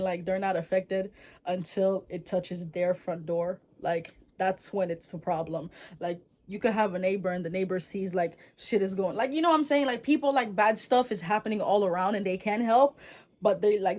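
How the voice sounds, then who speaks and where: A woman's voice: medium pitch, a little mellow. A young woman retelling a folktale in a casual, slangy, rambling way, full of wry asides. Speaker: storyteller.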